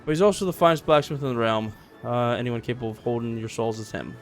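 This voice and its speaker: A man's voice: fast, soft background music, close to an everyday voice. A man reading as a sly woman merchant. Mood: coaxing. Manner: coaxing, sales-pitch talk.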